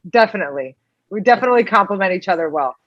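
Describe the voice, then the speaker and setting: A woman's voice: mid-range voice, animated, rapid-fire, a bit bright, no echo, lo-fi sound. A woman co-hosting a podcast, chatty and upbeat, with many "like"s and "um"s. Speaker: podcast co-host. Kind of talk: casual interview chat.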